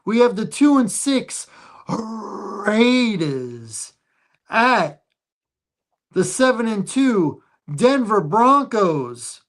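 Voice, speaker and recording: Slow, deliberate sports show host. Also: male voice, high-pitched, very animated, a bit bright. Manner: slow, deliberate, reads lines and odds. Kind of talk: casual sports picks chat.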